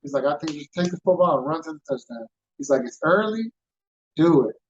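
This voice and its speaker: A man's voice: fairly high pitch, fast, breathy edge, highs cut off. Man telling a story on a podcast. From Houston, Texas. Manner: animated storyteller, acts out quoted voices, street slang. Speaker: podcast guest. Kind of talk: casual storytelling.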